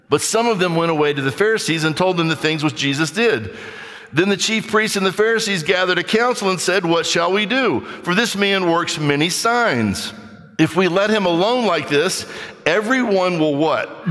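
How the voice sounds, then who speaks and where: A man preaching a sermon, reading scripture and acting out skeptics in quick, animated asides. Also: sits high, in a large hall. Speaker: pastor.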